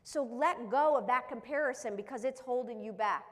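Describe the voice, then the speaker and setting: High-voiced motivational woman coach. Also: moderate pace, fairly bright tone, big-room sound. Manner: emphatic, preaching, with rhetorical questions. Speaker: mental skills coach. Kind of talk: motivational live-stream talk.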